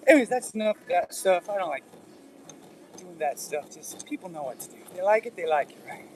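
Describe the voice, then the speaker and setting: A man's voice: high-pitched, fast talker, darkish tone, faint music behind, rough recording. A man hosting a casual livestream, chatting with viewers in a rambling, easygoing way while working out on an elliptical. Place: indoors at an exercise machine.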